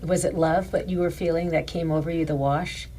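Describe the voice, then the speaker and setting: Affirming low-voiced woman podcast host. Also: fairly even intonation, brisk, a little hiss or hum, poor audio. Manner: warmly affirming, responsive. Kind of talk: supportive interview chat.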